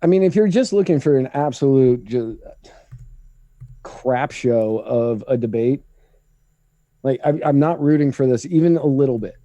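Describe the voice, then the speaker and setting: A man's voice: mid-range voice, animated, moderate pace, pauses often, warm tone, no echo. A man co-hosting a podcast, giving opinionated, rambling political takes in casual chat. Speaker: podcast co-host.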